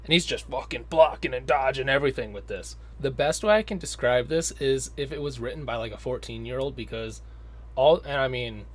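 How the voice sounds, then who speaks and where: A man talking through a movie review in a relaxed, rambling way. He swears casually and keeps mimicking the people he describes. His voice sits in an ordinary middle register. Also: mid-range voice, a little fast. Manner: rambling, profane, slips into mocking impressions.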